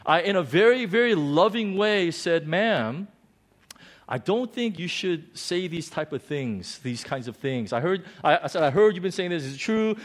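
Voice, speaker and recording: A man in his forties preaching with a bright, high voice, telling a long story from his own life. He restarts his sentences often and jokes at his own expense. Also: moderate pace. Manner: animated, self-deprecating storyteller with restarts. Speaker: pastor. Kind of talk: sermon storytelling.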